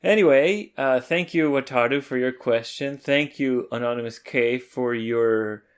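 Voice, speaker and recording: A man's voice: mid-range voice, unhurried, clear, resonant tone. A man co-hosting a teaching podcast, reading listener mail in wry, teasing banter. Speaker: podcast co-host, English teacher.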